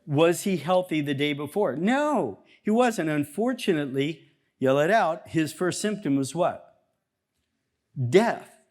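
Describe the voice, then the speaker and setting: A man speaking as a chiropractor at a seminar, talking to a live audience in an energetic, conversational way and acting out bits of dialogue. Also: on the high side, measured pace. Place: seminar room before an audience.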